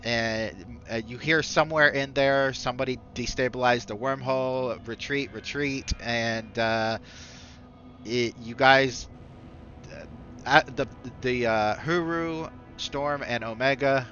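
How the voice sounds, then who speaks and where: A man's voice: mid-range voice, slow pace, pushed and bright, soft background music. A man narrating a tabletop game as game master, rambling with many fillers and restarts, in a dull lo-fi recording.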